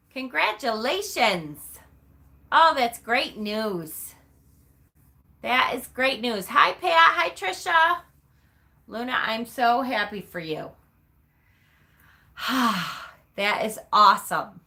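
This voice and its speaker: A woman's voice: fairly low pitch, bright, forceful tone. A woman hosting a casual livestream, chatting with viewers, answering their comments by name and calling them honey in an effusive, emotional way. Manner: gushing, emotional. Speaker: livestream host. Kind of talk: casual live chat with viewers.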